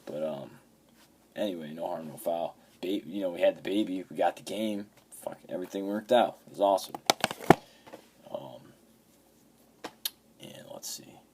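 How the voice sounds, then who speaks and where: A game collector in his fifties talks casually about his video game pickups, swearing often and telling rambling stories. He has a deep voice and a moderate pace with long pauses, and there is background noise.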